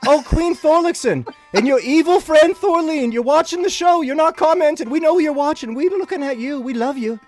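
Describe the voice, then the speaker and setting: A man's voice: very high-pitched, normal speed, hardly any pauses, soft background music, voice pushed up. A man voicing a creepy-sweet male children's show host with a put-on thick South Carolina drawl, cooing and drawn out. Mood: doting.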